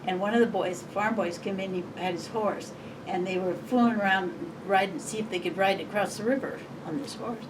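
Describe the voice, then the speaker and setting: A woman's voice: mid-range voice, fairly quick. Older Montana woman, interviewee; rambling, chuckling storyteller, recorded off-mic with faint hiss. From Montana, USA. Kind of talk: oral history storytelling. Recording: distant mic, faint background noise.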